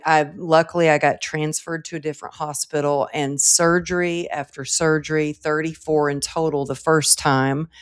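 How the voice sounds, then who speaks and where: A woman's voice: sits low, clean tone. A woman guest on an interview show, telling her personal story earnestly and with emphasis, acting out the voices she quotes. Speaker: interview guest, author and speaker.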